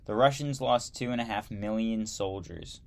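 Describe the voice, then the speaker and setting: A man teaching history, reading a textbook aloud slowly and adding wry asides. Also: fairly low pitch, creaky, a little mellow.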